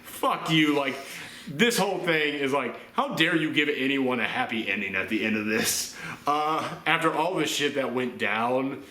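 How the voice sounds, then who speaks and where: A man's voice: medium pitch, animated, normal speed, pushed and bright. A man ranting in a casual chat about a film, exasperated and swearing freely. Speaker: movie reviewer. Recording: roomy echo.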